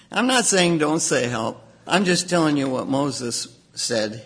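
A man preaching a sermon, animated, acting out quoted voices with sudden outbursts. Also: on the high side, unhurried, vocal fry, breathy edge.

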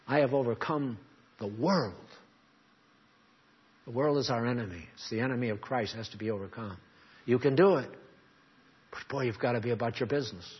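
Husky male preacher, earnest sermon, quizzes his flock, muffled lo-fi tape. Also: mid-range voice. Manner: earnest preaching, rhetorical questions to the congregation. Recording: dull lo-fi recording.

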